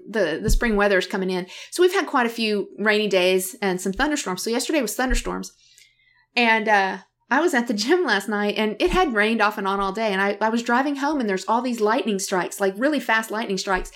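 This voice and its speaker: A middle-aged woman co-hosting a podcast, telling a story in a casual, animated way with frequent laughter and acted-out quotes. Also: mid-range voice, fairly quick. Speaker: podcast co-host.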